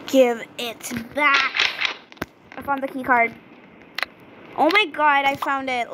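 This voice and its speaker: A woman giving casual gameplay commentary, chatty and excitable, reading game dialogue aloud. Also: high voice, slow pace. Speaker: gaming video creator. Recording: noticeable background noise.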